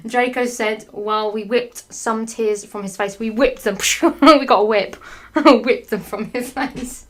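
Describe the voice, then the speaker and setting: A woman giving a comedic read-through of a story, stopping for sarcastic, sweary comments and bursts of laughter. Her voice sits a bit high, and she takes her time, drawing words out slowly. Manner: clears her throat often. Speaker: fanfiction reader. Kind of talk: comedic dramatic reading.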